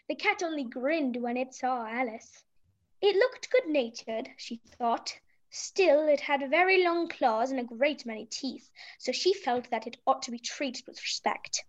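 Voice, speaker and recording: A woman narrating a storybook drama in a gentle, measured way. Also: high voice.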